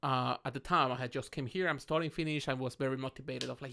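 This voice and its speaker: A man's voice: mid-range voice, fairly quick, creaky, few pauses. A man from Mexico with a Mexican accent, co-hosting a casual podcast chat over drinks and acting out the people in his stories. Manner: animated storytelling, acting out quoted people. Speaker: podcast co-host.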